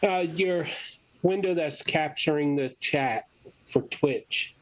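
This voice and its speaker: A man's voice: on the high side, slow, a bit bright, a little hiss or hum. Man explaining a stream glitch. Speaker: player. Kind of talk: casual chat.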